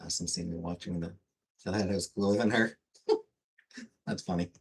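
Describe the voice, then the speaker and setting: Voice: deep voice, steady tone, normal speed, gravelly. A podcast host in casual chat about a cartoon, rambling with many fillers and restarts.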